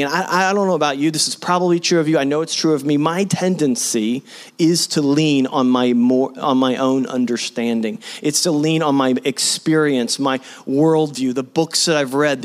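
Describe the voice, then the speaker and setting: Male pastor, forties, slightly high-pitched, lively conversational sermon with call-and-response. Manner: animated, leads the congregation in call-and-response; conversational, with many restarts and asides.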